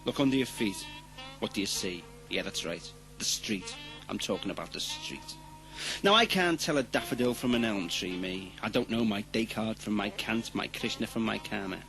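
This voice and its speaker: A man from London with a London accent, delivering a comic monologue in a ranting style that swings from deadpan to shouting. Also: fairly low pitch, normal speed, creaky, over music. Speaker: comedian.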